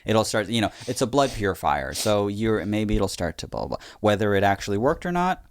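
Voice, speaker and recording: A man's voice: on the low side, big pitch swings, brisk, clean tone, no echo, clean studio sound. A man co-hosting a podcast, frankly telling a personal story in casual chat, swearing freely. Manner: frank, swears freely, retells with acted-out quotes. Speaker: podcast co-host.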